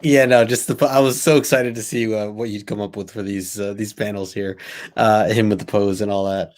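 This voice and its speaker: A man's voice: on the low side, steady tone, a little fast. A male co-host in a casual comic book chat, rambling with many fillers. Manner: rambling, many likes and ums, laughs easily.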